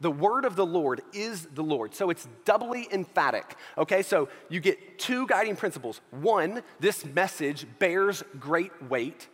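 A man's voice: high voice, expressive, a little slow, few pauses, in a large hall. A man preaching a sermon as pastor of his church, emphatic and repeating key phrases, often checking in with his listeners.

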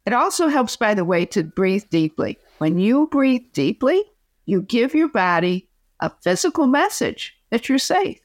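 A woman, a communication coach, giving advice as a podcast guest in an expressive, demonstrative way. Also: a little high, measured pace, dry recording, studio quality. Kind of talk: podcast interview.

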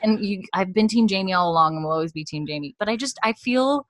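A woman's voice: mid-range voice, fast, no room sound. A woman co-hosting a casual podcast, chatty and rambling, laughing often, from Canada. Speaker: podcast co-host.

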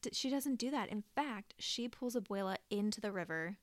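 A woman's voice: mid-range voice, lively intonation, normal speed, no echo. A woman co-hosting a casual faith chat, chatty and full of fillers.

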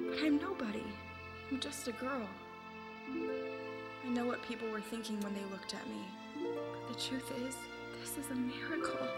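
A young woman playing a humble, frightened expectant mother in a slow, earnest dramatic monologue. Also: on the high side, lightly acted. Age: young adult. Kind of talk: dramatic monologue over music. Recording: loud music under the voice.

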